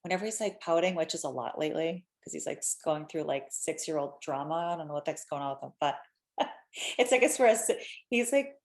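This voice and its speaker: A woman's voice: sits low, animated, fairly quick, a little mellow. A woman in her thirties hosting a live stream, chatting casually and animatedly with lots of fillers.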